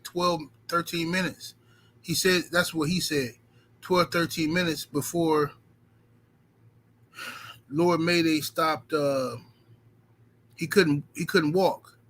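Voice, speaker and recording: A man hosting a casual livestream, talking emphatically with lots of profanity and repetition, and reading out viewer super chats. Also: on the high side. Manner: profane, emphatic, repeats himself; animated, swings from loud outbursts to muttering. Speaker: livestream host.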